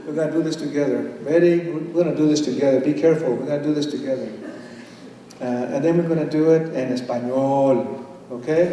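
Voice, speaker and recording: An older man with a mid-range voice reads his poems quickly and playfully to an audience at a college event, switching between English and Spanish, bursting with excitement and drawing the crowd into call-and-response. The large hall is echoey, the mic distant, with audience ambience and slight background noise.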